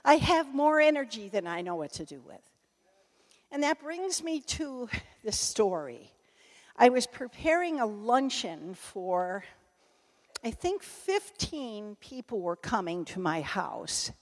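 An older woman spins a funny personal story for an audience, her voice swooping up and down with real liveliness. She talks slowly and laughs as she goes, and her voice rings out across a reverberant hall. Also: fairly high pitch. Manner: animated, laughing, self-interrupting. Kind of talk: humorous personal anecdote. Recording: echoey hall.

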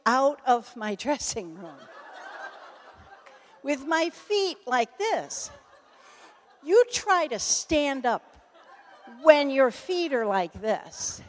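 Older woman storyteller, slightly high and very expressive, unhurried, laughs often, recorded in an echoey hall. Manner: animated, laughing, self-interrupting. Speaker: storyteller speaking to an audience. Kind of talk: humorous personal anecdote.

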